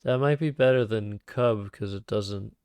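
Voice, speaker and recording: Slow, gravelly man thinking aloud. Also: on the low side, a little mellow, no room sound. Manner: thinking aloud, muttering candidate words. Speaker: streamer playing word games. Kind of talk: casual live-stream commentary.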